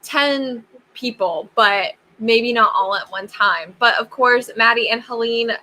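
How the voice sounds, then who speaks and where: A woman's voice: on the high side, unhurried, rough recording. A woman chatting as a guest on a writing livestream, laughing easily. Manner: warm, laughing. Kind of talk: casual chat on a writing livestream.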